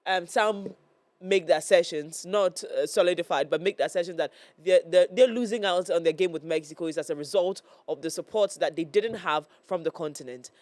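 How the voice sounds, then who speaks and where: A woman's voice: lowish voice, brisk, darkish tone, no echo. A woman hosting a morning talk show, her voice stuffy and nasal from a cold. She talks in a chatty, meandering way, full of "um"s and restarts, close to a studio mic in a dry, deadened room. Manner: chatty, hesitant with many fillers. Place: broadcast studio. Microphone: studio microphone.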